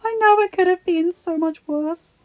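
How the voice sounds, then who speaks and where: A woman voicing a tearful high young heroine. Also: moderate pace, vocal fry, mellow. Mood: distraught. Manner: tearful, pleading, shaky breath. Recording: slightly dull, faint background music.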